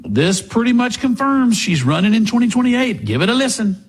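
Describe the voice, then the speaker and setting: A man's voice: very high voice, very animated, brisk, noisy background. A man hosting a political talk radio show, sarcastic and mocking in his monologue.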